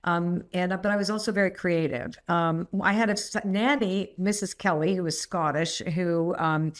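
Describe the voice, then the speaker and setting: A middle-aged woman, a podcast guest, telling personal stories in a rambling, animated way and laughing often. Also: on the low side, normal speed. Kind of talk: candid storytelling interview.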